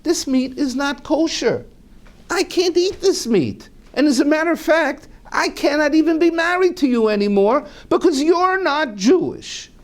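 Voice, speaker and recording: A man voicing a hot-tempered powerful man, shrill and indignant. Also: big pitch swings, slow, vocal fry, exaggerated voice. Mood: agitated. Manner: loud, indignant outbursts.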